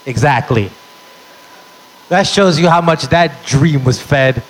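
A man's voice: a little high, lively intonation, unhurried, pauses often, rough recording. Brash, profane male stand-up comic. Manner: brash, profane, punchy storytelling. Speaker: stand-up comedian. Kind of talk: stand-up comedy set. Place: live show venue with audience.

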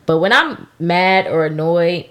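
Podcast woman, lowish voice, kinda stern and sharp when she talks. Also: animated, unhurried. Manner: self-described stern, sharp tone. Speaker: podcast co-host. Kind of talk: casual chat.

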